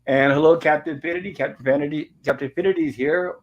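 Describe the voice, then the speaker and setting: A man's voice: fairly high pitch, fairly even intonation, fast talker, lo-fi sound. A man hosting a live-streamed review show, greeting viewers and reading chat messages aloud in a friendly, rambling way. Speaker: podcast host.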